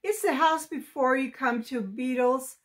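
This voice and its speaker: A woman reading a children's novel aloud, taking her time with each line. Her voice sits fairly high and moves along at a slow, careful pace. She gives the story small expressive touches. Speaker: storybook reader.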